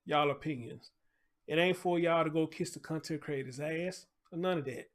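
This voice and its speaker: A man, his voice pitched a bit high, talks casually on a livestream. He is blunt and laid-back, full of slang, and stops often to greet viewers by name. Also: moderate pace. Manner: blunt, laid-back, slangy, reads chat names aloud. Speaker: YouTube livestream host.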